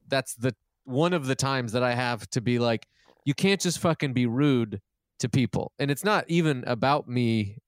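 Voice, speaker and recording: A man's voice: medium pitch, smooth, dry recording, studio quality. A man who is a comedian, talking in a casual chat, self-deprecating and rambling, with many restarts, and swearing freely when he acts out a scene. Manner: profane and animated when retelling scenes.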